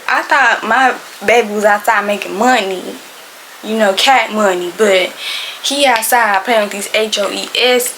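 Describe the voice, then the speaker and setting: A woman telling a casual storytime, animated and dramatic, sometimes whispering. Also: mid-range voice, measured pace, a little hiss or hum. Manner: animated, talks to the cat in quoted asides, drops to whispers. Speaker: storyteller vlogger.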